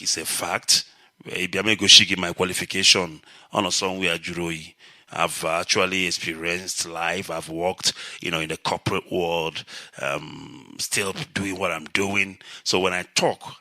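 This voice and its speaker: A man's voice: low voice, fairly even intonation, bright, forceful tone, dry recording. Lecturing Nigerian man hosting radio. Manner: measured, lecturing, explains with analogies. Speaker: radio host. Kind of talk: call-in radio talk.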